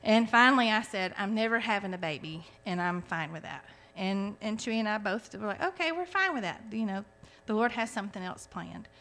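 A woman's voice: mid-range voice, expressive, a little fast, hardly any pauses, bright, forceful tone. A woman in her forties giving a heartfelt personal faith testimony, telling her story earnestly with frequent restarts. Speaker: testimony speaker.

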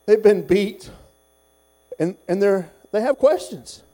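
Preacher man, rising to shouts. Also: expressive, slow pace, long pauses. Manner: builds from low conversational talk to shouted, sung-out exhortation. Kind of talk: sermon.

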